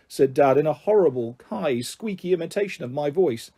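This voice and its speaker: A man reading a children's storybook aloud in a steady, measured narration. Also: fairly high pitch, husky.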